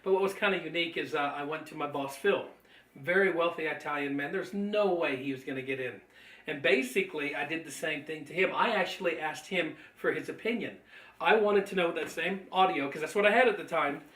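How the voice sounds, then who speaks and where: A man cheerfully telling animated stories about recruiting friends into his business, laughing easily. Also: a little high, a little fast. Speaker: network marketing trainer. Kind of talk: storytelling testimony. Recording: echoey room, mic at a distance.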